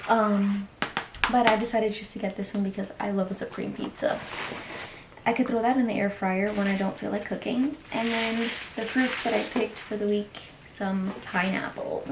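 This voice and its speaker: A young adult woman talking casually in a vlog, chatty and relaxed, with lots of "like" fillers. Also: mid-range voice, gravelly, heavy background noise. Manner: chatty, filler-heavy, relaxed talk with many "like"s. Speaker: vlogger.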